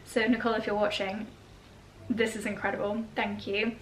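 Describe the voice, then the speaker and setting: A woman's voice: mid-range voice, level tone, normal speed, a little hiss or hum, poor audio. A woman hosting her own vlog, chatting casually and gushing as she unboxes gifts. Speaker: vlog host.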